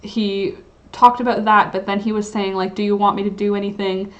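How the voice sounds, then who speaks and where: A woman's voice: medium pitch, level tone, brisk, muffled recording. A young woman hosting a casual livestream, chatting and reading chat comments, rambling with lots of "like" and "um". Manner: rambling, filler-heavy, frequent "like" and "um".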